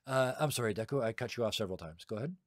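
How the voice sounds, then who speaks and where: A man explains the rules of a tabletop game as its game master. His talk is loose and rambling, often breaking into laughter. His voice sits at an ordinary pitch and sounds dry and close. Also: lively intonation, very fast, no room sound. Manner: casual, rambling, laughs a lot.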